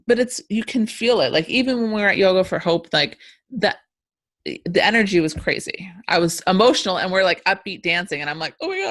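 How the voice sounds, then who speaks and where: A woman's voice: on the low side, fairly bright tone, dry recording, clean studio sound. A woman hosting a podcast, affirming her guest and musing thoughtfully with many fillers. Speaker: podcast host. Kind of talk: casual podcast conversation.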